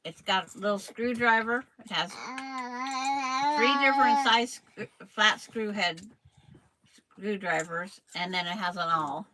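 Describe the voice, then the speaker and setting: A woman's voice: medium pitch, unhurried, long pauses, bright, forceful tone, slight background noise, poor audio. An older woman hosting a casual quilting chat, chatting and cooing to a toddler in baby talk. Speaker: quilting channel host.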